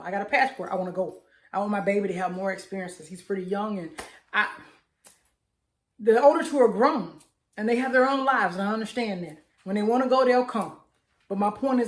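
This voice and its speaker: A high-voiced, energetic middle-aged woman gives a casual motivational talk in an echoey room. She talks emphatically and colloquially, with fervor. Her affirmations repeat with growing force. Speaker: mindset and manifestation coach.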